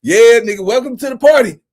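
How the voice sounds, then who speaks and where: A man's voice: extremely high pitch, expressive, normal speed. A man in his forties hosting a casual reaction commentary, profane and laughing often. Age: 40s. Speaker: commentary channel host.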